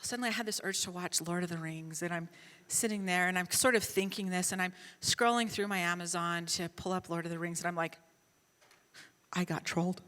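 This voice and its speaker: A middle-aged woman on a conference panel, telling a story in an animated, self-mocking way and acting out the dialogue. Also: on the low side, a little fast, long reverb tail. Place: large conference hall.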